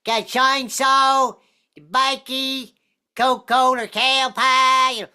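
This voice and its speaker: A man's voice: extremely high pitch, level tone, extremely slow, sharp tone, smooth, pitched above the performer's own voice, heavily acted. A man voicing his rural cousin, a Southern US man with a thick mumbling drawl.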